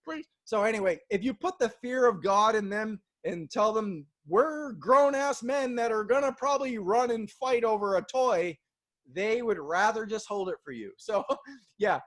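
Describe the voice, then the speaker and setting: Animated high-voiced man telling a story. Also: a little slow. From Boston. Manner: animated storyteller, acts out voices, swears casually. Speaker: co-host. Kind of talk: casual storytelling chat.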